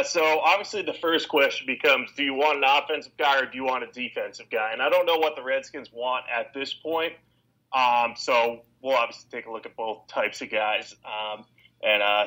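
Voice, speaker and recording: Bright-voiced man analyzing on a podcast. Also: mid-range voice, low-quality recording. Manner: measured, organized reasoning. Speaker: podcast co-host. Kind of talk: casual sports podcast analysis.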